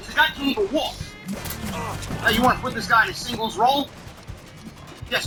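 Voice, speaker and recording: Swearing heavily, a man with an extremely high-pitched voice vents exasperated, sarcastic commentary on wrestling. The recording is rough, and he sounds off-mic against background music.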